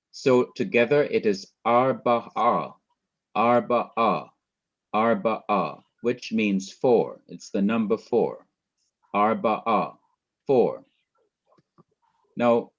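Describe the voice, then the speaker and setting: A man with a Jamaican accent and a voice on the low side teaches Hebrew grammar in a recorded lecture over slides. He methodically repeats terms and counts syllables aloud. The recording sounds dull and lo-fi.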